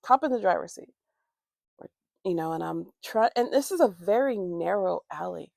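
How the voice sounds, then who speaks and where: Woman vlogger, heavy vocal fry, casual profane storytime, dry close mic. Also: on the low side, animated, moderate pace, a little mellow, no echo. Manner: rambling, profane, acts out quoted voices. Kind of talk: casual storytime while doing makeup. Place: at home, morning makeup routine.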